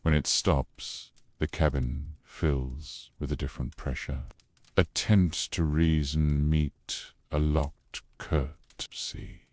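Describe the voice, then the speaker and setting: A man calmly narrating a scripted bedtime history story in a low, unhurried way. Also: no room sound. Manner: low, calm, unhurried delivery.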